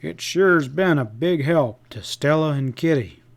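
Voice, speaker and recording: A man's voice: fairly high pitch, expressive, a little slow, gravelly. A man voicing a kindly, plain-spoken older ranch man in an audiobook. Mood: grateful.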